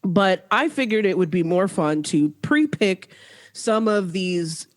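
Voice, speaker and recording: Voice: mid-range voice, animated, unhurried. A podcast host in their thirties who laughs often and explains game rules with enthusiasm. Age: 30s. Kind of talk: casual chat.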